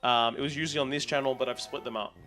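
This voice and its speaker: A man's voice: mid-range voice, steady tone, very fast, sharp tone. Australian male streamer, easygoing and rambling, chats to viewers over faint game music. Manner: rambling, reads out and answers viewer messages. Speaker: livestreamer. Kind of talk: casual chat with live chat readers.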